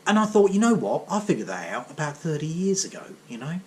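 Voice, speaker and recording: A man's voice: fairly high pitch, big pitch swings, quick pace. A middle-aged man telling a comic story in a chatty, wry way, full of asides and tag questions. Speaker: vlogger. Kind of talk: casual comic storytelling monologue.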